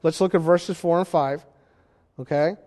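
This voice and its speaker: A man's voice: a little high, fairly even intonation, normal speed, a little mellow. A man preaching a Sunday sermon, teaching and questioning his congregation with emphasis. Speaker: pastor. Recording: long hall reverb.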